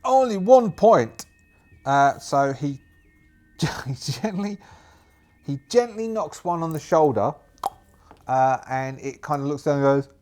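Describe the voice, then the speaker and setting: A man's voice: mid-range voice, vocal fry. A man narrating a solo tabletop game, chatty and rambling, laughing to himself. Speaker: game master.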